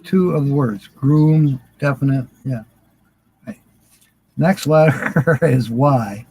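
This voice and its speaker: A man's voice: medium pitch, slow pace, dark tone, slight background noise, rough recording. An older man hosting a livestream word game, chatting casually and chuckling often as he reads out viewers' names. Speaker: livestream host. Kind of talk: casual live chat during a word game.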